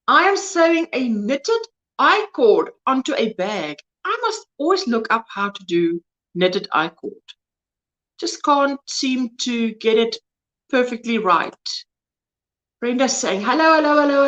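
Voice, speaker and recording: South African woman, 50s, warm-hearted livestream host, slightly high voice, muffled lo-fi sound. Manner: chatty, greets viewers by name, laughs often. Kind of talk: casual livestream chat. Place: at home, indoors.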